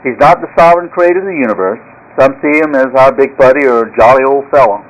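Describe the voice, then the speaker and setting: A male pastor delivers a sermon in an earnest, storytelling manner, now and then pausing on a filler. His voice sits at a middling pitch. The recording sounds slightly dull and muffled. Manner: storytelling preacher, earnest, with occasional halting fillers.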